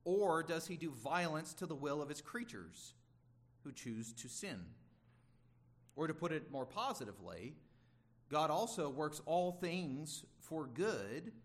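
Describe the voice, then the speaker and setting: A man's voice: a little high, fairly bright tone. A man preaching a sermon in an earnest, emphatic way, with the odd stumble and restart. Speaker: pastor.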